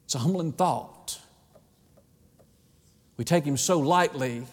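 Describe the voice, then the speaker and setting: A middle-aged man preaching a sermon in an animated way, acting out the voices of God and of people. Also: on the high side, takes it slowly, in a large hall.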